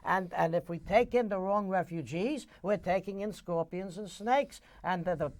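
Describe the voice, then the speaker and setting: A man hosting a conversational interview, speaking in long-winded runs and retelling stories at length before he asks his questions. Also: sits high. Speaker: interview host.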